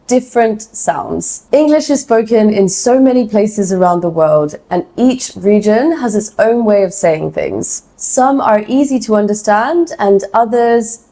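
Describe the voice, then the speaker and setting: Mellow-voiced woman teaching a lesson. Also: medium pitch, lively intonation, unhurried, few pauses. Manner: clear, explanatory delivery. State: slightly sick. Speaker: English teacher. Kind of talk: scripted video lesson.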